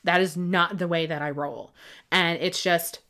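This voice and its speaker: Her voice is fairly low, fairly even in intonation, a little slow and sharp in tone. She hosts a solo podcast about email marketing, opening up about her business in a rambling, earnest, emotional way.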